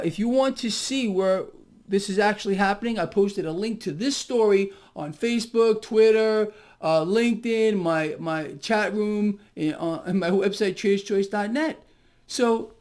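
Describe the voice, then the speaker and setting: A man's voice: sits high, a little mellow. Guy ranting sarcastically about market news, mocking and exclamatory. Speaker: financial commentator. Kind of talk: sarcastic solo market commentary.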